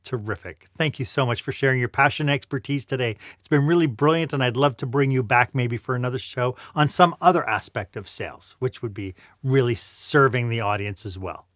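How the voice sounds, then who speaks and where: A man's voice: mid-range voice, brisk, few pauses, fairly bright tone, no room sound, clean studio sound. A man hosting a podcast interview, praising his guest effusively and giving an upbeat outro. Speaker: podcast host.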